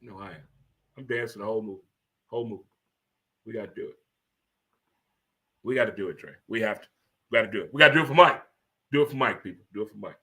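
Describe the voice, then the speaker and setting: Animated fifty-something male show host. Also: lowish voice, fast talker, long pauses. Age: 50s. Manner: animated, preachy, swearing, laughing asides. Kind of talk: casual radio-style monologue.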